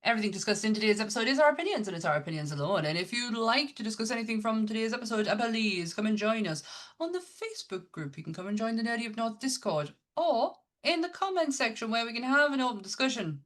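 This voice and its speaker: Female co-host, Northern English, bright and chatty, higher voice. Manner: lively, quick to laugh, reads disclaimers brightly. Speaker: podcast co-host. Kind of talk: casual live-stream chat.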